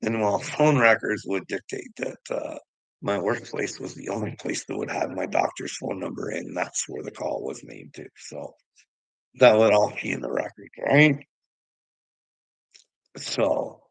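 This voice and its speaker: A man's voice: sits low, no room sound, low-quality recording. A man telling a personal story to camera in a rambling, profane way, often laughing as he goes. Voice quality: gravelly. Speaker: vlogger.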